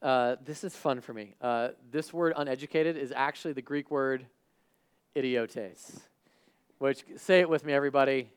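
A man preaching a sermon, who acts out the people in the story and swings from loud and excited to hushed and earnest. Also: mid-range voice, normal speed, clean tone. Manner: talks to a live congregation, asks them questions. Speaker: pastor.

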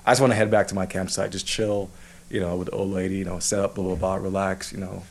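A man with a fairly low voice tells a personal story in a loose, casual way. He sounds heated and swears freely, circling back with restarts and "you know what I'm saying.". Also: flat delivery, quick pace.

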